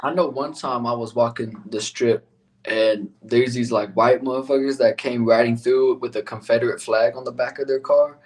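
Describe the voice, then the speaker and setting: A woman's voice: rumbling low, fairly even intonation, normal speed, darkish tone. A woman hosting a casual podcast chat, laid-back and teasing, swearing freely. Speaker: podcast host.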